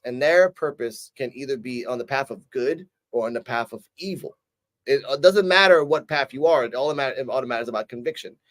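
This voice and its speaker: An animated man chatting through an episode recap, his voice sitting a little high. He acts out moments in quick voices and talks casually, with the odd swear. A relaxed review chat. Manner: casual, swears now and then. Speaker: show reviewer.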